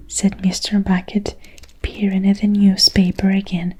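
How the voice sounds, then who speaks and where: A woman reading a children's story aloud in a soft, unhurried whispered role-play. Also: mid-range voice, little pitch movement, slight background noise, poor audio.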